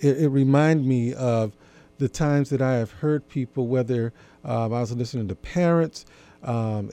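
A man hosting a radio interview, giving warm praise and a formal sign-off. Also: medium pitch. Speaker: interview host.

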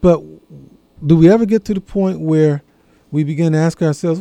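A man telling a personal story in a reflective monologue, earnest and measured, pausing between phrases. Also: on the high side, warm tone, no echo. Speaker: speaker sharing a personal story.

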